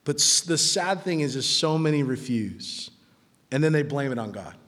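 A fairly high-voiced man preaching in a church, talking to the congregation in a conversational, emphatic way. He drops low and quiet, then climbs high and loud, and sometimes laughs at his own lines. A long reverb from the big room trails behind his words. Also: animated, moderate pace. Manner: chuckles at his own points. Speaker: pastor. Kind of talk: sermon.

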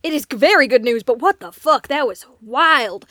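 An excitable woman at a game table who swears freely as she reacts. Her voice sits high, and the mic is close and dry. She speaks in quick bursts. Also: no echo. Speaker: player. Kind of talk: casual tabletop play chat.

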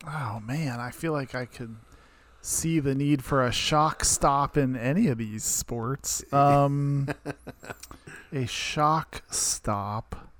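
A man talks his way slowly through quiz answers, musing aloud and hesitating before he picks. His voice sits at a middling pitch. The recording is dry and close with no room echo. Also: a bit bright. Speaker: quiz contestant and co-host. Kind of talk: casual podcast banter.

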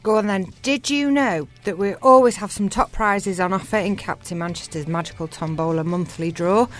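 A woman co-hosting a scripted charity news podcast, reading in a measured, friendly way. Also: mid-range voice. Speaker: podcast co-host.

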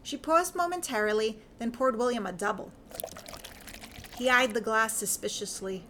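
A woman narrating a fan fiction story in an even, measured reading voice. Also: on the high side, slight background noise.

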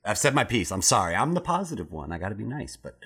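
Animated, swearing man hosting a chat. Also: on the low side, quick pace, slightly rough. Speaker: podcast host. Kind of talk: casual chat.

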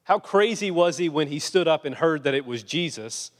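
A man's voice: on the high side, expressive, normal speed. A man preaching a sermon, dramatic and insistent, firing off rhetorical questions and acting out the scripture he quotes. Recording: long reverb in a large hall.

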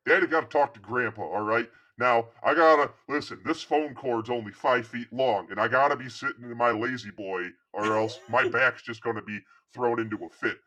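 A man's voice: medium pitch, moderate pace, few pauses, bright, forceful tone, pitched below the performer's own voice, natural voice. A man voicing a male sorcerer as a bossy, folksy father with a blustering, fatherly way of talking.

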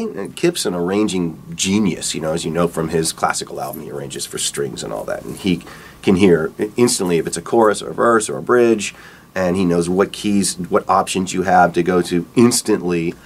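Man, middle-aged, deep voice, rambling relaxed storytelling, guitarist interview. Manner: relaxed, rambling, acts out quotes with laughs. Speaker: rock guitarist telling his career story.

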